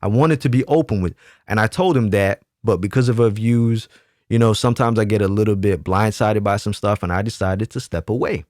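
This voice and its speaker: A man's voice: fairly low pitch, fairly quick, darkish tone, no echo, studio quality. A man telling a personal story in a casual monologue, emphatic and often checking in with "right?". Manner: emphatic, keeps asking "right?". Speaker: YouTube commentator.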